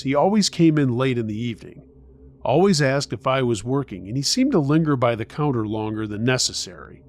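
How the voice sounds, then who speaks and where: In a mid-range voice, a man narrates a first-person horror story, measured and tense in his telling.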